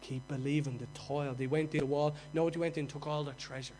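A preacher with a Dublin accent delivers his sermon in a high voice. He drops to quiet, chatty asides, then rises into loud, mocking cries. Faint music plays under a low mains hum. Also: little pitch movement, fast talker, rough recording. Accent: Dublin Irish. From Dublin, Ireland.

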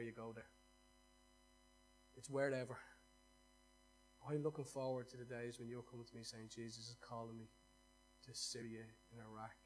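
Preaching with fervor, this pastor, his voice medium-pitched, alternates between loud exhortations and quiet asides. When the passion takes hold, he stumbles over repeated words.

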